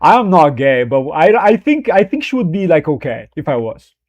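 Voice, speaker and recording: Loose, profane young streamer, slightly higher voice. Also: male voice, very animated, moderate pace, darkish tone, lo-fi sound. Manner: loose and profane, joking, reacting to chat. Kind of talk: casual livestream chat.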